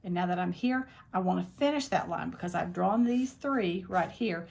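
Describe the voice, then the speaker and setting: A woman's voice: fairly low pitch, expressive, normal speed, gravelly, darkish tone. A woman teaching a quilting tutorial, talking step by step through what she is doing in a plain, practical way, thinking aloud as she goes. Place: quilting workspace at a longarm machine.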